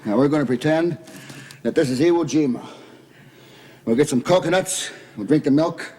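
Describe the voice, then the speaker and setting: Steady take-charge soap dad. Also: male voice, fairly high pitch, normal speed, husky. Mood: reassuring. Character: steady take-charge father, former army man. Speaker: father trapped after an explosion. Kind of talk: 1970s soap opera acting. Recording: hissy old TV soundtrack.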